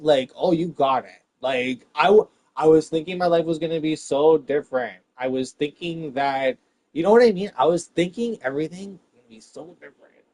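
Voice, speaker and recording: A man with a fairly high voice ranting straight to his viewers. His rambling, profane monologue lurches from loud outbursts to low, muttered asides. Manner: rambling and profane, swings between loud and hushed.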